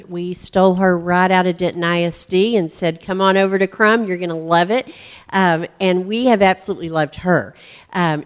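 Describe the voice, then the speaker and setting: A woman's voice: fairly low pitch, clear, resonant tone. A woman school administrator speaking at a board meeting, praising a teacher with frequent ums. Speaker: school administrator presenting awards. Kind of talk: public speech at a board meeting.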